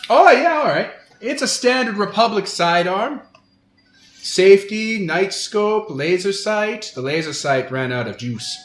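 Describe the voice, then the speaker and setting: A man's voice: sits high, lively intonation, a little slow, voice pushed up. A man voicing a chatty, folksy male trader with an exaggerated Canadian accent, in a tabletop game recorded in an echoey room. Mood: cheerful.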